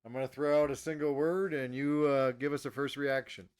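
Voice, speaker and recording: A man hosting an interview, firing off quick questions and laughing often. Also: medium pitch, steady tone, clean tone. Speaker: interview host. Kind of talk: casual interview chat.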